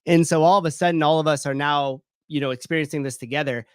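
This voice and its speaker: A man's voice: a little high, fairly even intonation, fast talker, clean tone, no room sound, clean studio sound. A man in his thirties, a gym owner, telling a personal story in a loose, candid way, full of fillers and swearing. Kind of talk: casual storytelling.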